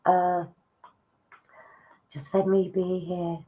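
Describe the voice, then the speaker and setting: Soft-spoken woman medium, low voice. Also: fairly even intonation, a little slow, long pauses, muffled recording. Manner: soft, emotive, addresses listeners as darling. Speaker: psychic medium. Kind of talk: live psychic reading.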